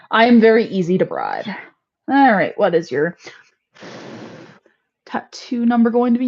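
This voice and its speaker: A woman's voice: mid-range voice, a little mellow. A woman hosting a casual homestead livestream, chatty and laughing at her own mishaps. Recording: slightly dull lo-fi audio.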